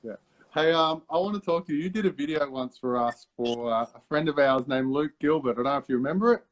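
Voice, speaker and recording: Older aussie bloke hosting a live chat, slightly high voice, friendly, laughs a lot, says mate constantly. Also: male voice, fast talker. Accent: Australian. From Australia. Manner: friendly, laughs often, calls guest mate. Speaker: host. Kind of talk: casual interview chat. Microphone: video call.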